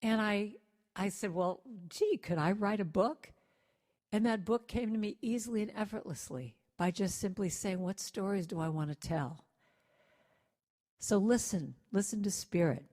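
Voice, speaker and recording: A woman giving an inspirational talk to a congregation, gentle and conversational, who breaks into lively acted-out quotes. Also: medium pitch, moderate pace. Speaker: guest speaker and singer.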